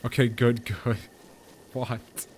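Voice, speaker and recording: A man's voice: mid-range voice, little pitch movement, takes it slowly, a little mellow, a little hiss or hum. A man streaming a video game, chatting casually with viewers in a rambling, self-interrupting way. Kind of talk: casual gaming commentary.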